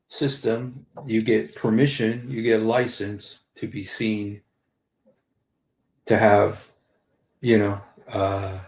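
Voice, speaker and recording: Slow, gravelly man in his sixties. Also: fairly low pitch, a little mellow. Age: 60s. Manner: rambling, repeats key phrases, addresses viewers directly. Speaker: live streamer. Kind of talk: casual livestream commentary. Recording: roomy echo.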